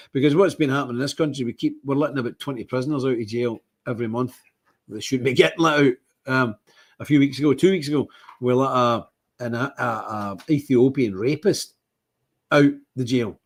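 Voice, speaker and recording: Scottish male streamer, husky voice, rambling and worked up, casual monologue. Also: fairly quick. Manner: rambling, indignant, lots of restarts and big pitch swings. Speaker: livestream host.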